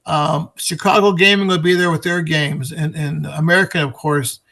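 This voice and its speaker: Excitable man with a slightly raised voice. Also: fairly high pitch, moderate pace, gravelly. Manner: enthusiastic, promotional, frequent restarts. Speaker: guest, pinball expo organizer. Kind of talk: casual interview chat.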